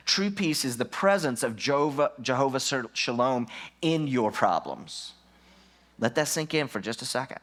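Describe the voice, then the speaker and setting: Pastor, male, mid-range voice: church sermon, emphatic, repeats his main points, swings between hushed and loud. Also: sing-song, normal speed. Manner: emphatic, drops low then rises for stress; repeats key lines for effect.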